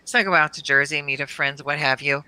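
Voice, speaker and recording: A middle-aged woman telling a funny family story in casual chat, animated and laughing between lines. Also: low-pitched, fast, clear, resonant tone, no echo. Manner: animated, laughs through her anecdotes.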